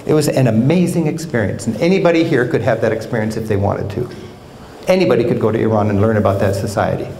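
A man giving a public travel lecture in a university hall, telling stories in an animated way with wry humor. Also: on the low side, fast, a little hiss or hum. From United States. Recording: roomy hall sound.

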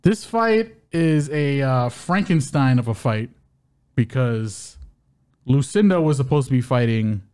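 A man's voice: medium pitch, expressive, unhurried, a little mellow, smooth. A man co-hosting a podcast, previewing fights in a loose, joking way and stumbling over names. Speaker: co-host of a fight-betting podcast.

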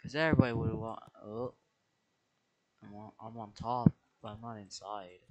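A young man giving casual let's play commentary, excitable, with dramatic outbursts, squeals and slang. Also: fairly low pitch, normal speed, lo-fi sound, a little hiss or hum. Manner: slang-heavy casual talk. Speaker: gaming video creator.

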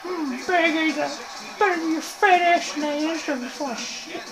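A woman's voice: high voice, crowd noise, voice pushed up, low-quality recording. Woman doing Herbert the Pervert, leering old creep. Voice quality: slow drawn-out humming "mm".

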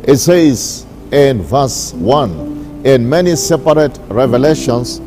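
A bishop preaching a sermon, repeating his declarations slowly and with emphasis. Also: medium pitch, expressive, music in the background. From Kenya.

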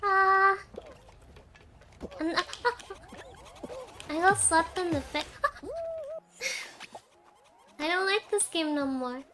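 A woman's voice: extremely high pitch, a little slow, long pauses, background noise. A woman VTuber chatting casually to her viewers while gaming, cutesy and giggly, with a tired, sleepy voice. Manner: giggly, cutesy, talks to chat with many laughs. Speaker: VTuber streamer. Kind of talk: casual game stream chat.

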